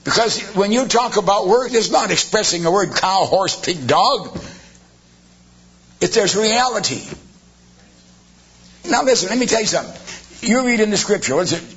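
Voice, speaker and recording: A man's voice: sits high, a bit bright, slightly rough. A man preaching a sermon, firing off rhetorical questions with sarcastic asides. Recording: dull lo-fi sermon recording.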